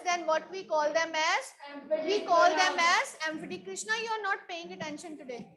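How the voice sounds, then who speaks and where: A woman's voice: very high-pitched, sharp tone, low-quality recording. A woman teacher giving a grammar lesson in a school classroom. She asks a question, answers it, and repeats it as a drill, calling on students by name.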